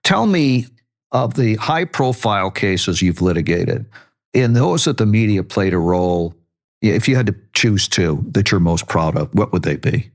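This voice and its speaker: A man with a low voice hosts the interview. He talks in a relaxed, conversational way and prompts his guest with questions. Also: unhurried. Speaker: podcast host.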